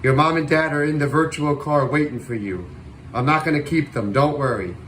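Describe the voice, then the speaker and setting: A man hosting a livestream, calling a virtual air show in playful announcer style with loud whoops. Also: on the high side, a little fast, a little hiss or hum. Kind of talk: playful air show commentary over a flight sim stream.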